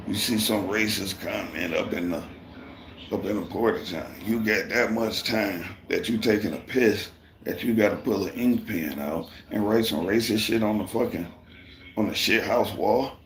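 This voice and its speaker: A middle-aged man rants to his live-stream viewers about trouble at his construction job. His voice sits low and deep, and it carries a roomy echo. He swears freely, and his delivery stays heated all the way through. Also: slight background noise. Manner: profane, heated retelling. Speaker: construction worker and livestreamer. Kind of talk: casual storytelling on a live stream.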